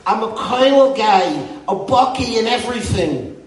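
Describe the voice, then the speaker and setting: A middle-aged man heading a yeshiva gives an impassioned speech to a crowd, swinging from loud outbursts to hushed words. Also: high-pitched, lively intonation, a little slow, distant mic. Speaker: yeshiva head. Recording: echoey hall, mic from afar.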